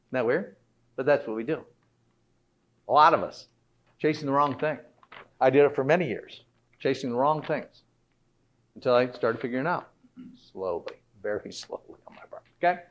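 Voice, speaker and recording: A man's voice: fairly high pitch, lively intonation, normal speed, long pauses, a bit bright. Man giving a health talk, lo-fi. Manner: conversational, asks rhetorical questions often. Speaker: health speaker. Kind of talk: health talk to a live audience.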